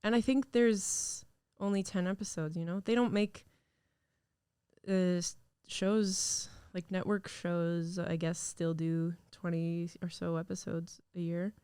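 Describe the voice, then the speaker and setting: A young podcast host, still recovering from illness, speaks slowly in a fairly low, dark, clean voice with fairly even intonation and no room sound. Recorded in a studio, her solo chat is casual and rambling, full of fillers.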